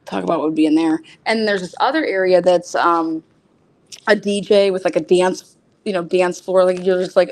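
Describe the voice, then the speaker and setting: A woman telling a story in a casual, animated way, often laughing, using lots of fillers, and acting out other people's lines in a raised voice. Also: fairly low pitch, a little fast. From United States. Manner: frequent fillers like "like" and "oh my God".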